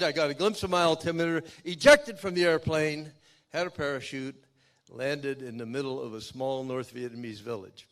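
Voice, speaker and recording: An older man with a slightly high voice gives a keynote speech at an outdoor memorial event. He tells a dramatic personal story in a folksy manner, swinging from loud to hushed.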